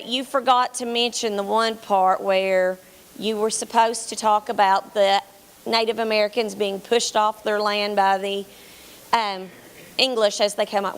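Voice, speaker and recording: A female teacher, giving a hurried, earnest pitch full of um fillers. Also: a bit bright. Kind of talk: grant pitch presentation.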